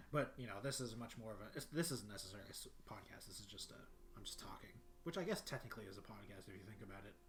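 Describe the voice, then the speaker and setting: A man's voice: on the low side, expressive, fast. A young man streaming from his bedroom, chatting casually and rambling with lots of fillers and restarts. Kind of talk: casual solo livestream chat.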